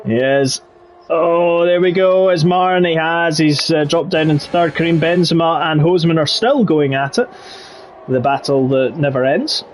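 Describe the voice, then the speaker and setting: High, excitable male race commentator. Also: normal speed, slight background noise. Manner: excitable, voice jumps high in close battles. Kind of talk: live sim racing commentary.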